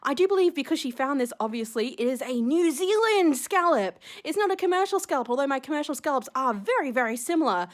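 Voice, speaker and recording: Giddy, high-voiced young woman gushing. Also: expressive, quick pace, hardly any pauses. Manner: gushing, giddy, gasping with delight. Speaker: shell collector unboxing a gift. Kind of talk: excited unboxing vlog.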